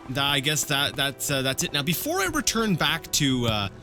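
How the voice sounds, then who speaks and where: Let's play host, male, lively bright voice, meandering unscripted commentary over faint game music. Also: fairly high pitch, moderate pace. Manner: rambling, thinking aloud with many fillers. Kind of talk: casual gameplay commentary.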